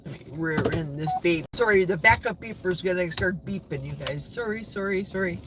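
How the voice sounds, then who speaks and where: A woman's voice: on the low side, fairly quick. A woman in her sixties from the United States, chatting on a live stream from her parked car and answering viewer comments in a rambling, talkative way. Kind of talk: casual live-stream chat. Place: parked vehicle. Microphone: phone held in the car. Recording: car noise in the background. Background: vehicle noise.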